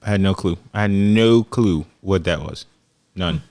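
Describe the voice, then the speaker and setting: Low-voiced young man telling animated stories. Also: measured pace. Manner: animated storyteller, acts out quotes with big pitch jumps. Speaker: podcast co-host. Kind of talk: casual chat.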